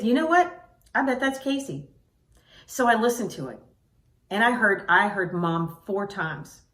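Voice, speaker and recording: A middle-aged woman with a high voice tells personal stories straight to her viewers, earnest and emotional, often restarting her sentences. She sounds a little distant from the mic. The room around her is echoey. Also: fairly bright tone.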